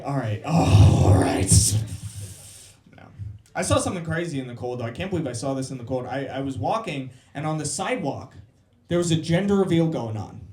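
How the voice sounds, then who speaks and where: A man doing a crude, brash stand-up set with crowd work on a club stage. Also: high-pitched. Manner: brash, crude, quick jokes. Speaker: stand-up comedian. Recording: roomy club sound.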